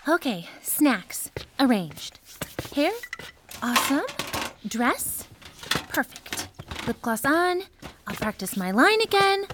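A woman voicing an eager, starstruck young female reptile who gets nervous and excitable. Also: high-pitched, takes it slowly, long pauses, heavily acted. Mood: excited. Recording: noisy recording.

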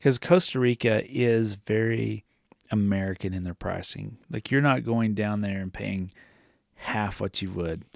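A man's voice: on the low side, a little slow, creaky, no echo, studio quality. A man co-hosting a podcast, chatting casually and jokingly about a road trip with his partner. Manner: rambling, jokey, talks over partner. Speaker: podcast co-host. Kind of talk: casual chat.

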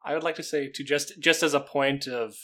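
Man, bright sharp voice, playful, tabletop player. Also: fairly high pitch, fairly even intonation, a little fast. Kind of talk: casual tabletop play.

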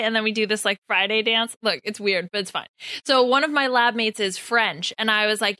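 A woman on a podcast telling an animated story about her lab, laughing often. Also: mid-range voice, moderate pace, no echo. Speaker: podcast co-host, graduate student. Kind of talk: casual chat.

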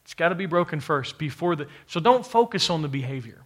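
Male preacher, slightly high voice, emphatic and repetitive sermon delivery to a congregation. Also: expressive, brisk, a bit bright. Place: church, to a live congregation with an online audience.

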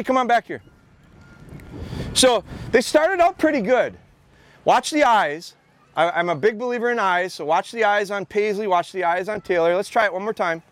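Out on a mowed field, a man in his thirties teaches a dog training class, coaching handlers and often repeating himself as he instructs. His voice is high-pitched, with a little hiss or hum.

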